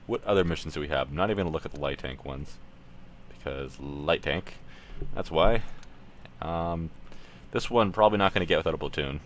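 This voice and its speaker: A man's voice: a bass voice, brisk, long pauses, slight background noise. A Canadian man from Ontario streaming a tank game, talking casually and thinking aloud as he plays. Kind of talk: live gameplay commentary.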